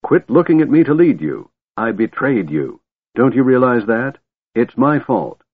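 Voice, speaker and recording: A man's voice: fairly low pitch, lively intonation, normal speed, husky, no room sound. A man voicing a weary half-elf man weighed down by guilt, tired and bitter. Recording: narrow phone-like dry audio.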